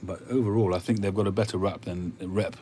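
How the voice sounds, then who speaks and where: Low-voiced man chatting casually. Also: fairly even intonation, a little fast, warm tone, slight background noise. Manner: conversational, musing, with frequent hesitations. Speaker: livestream host reading viewer comments. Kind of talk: casual chat.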